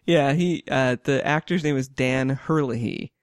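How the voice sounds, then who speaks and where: A man's voice: mid-range voice, unhurried, clear, resonant tone, no echo, clean studio sound. A man co-hosting a podcast, chatting casually about a film, often restarting his sentences and laughing along. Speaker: podcast co-host.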